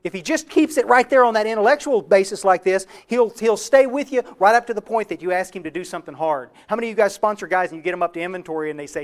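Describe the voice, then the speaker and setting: A man with a Texan accent giving a fast, folksy and emphatic recovery talk to a workshop audience. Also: high-pitched. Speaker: recovery speaker.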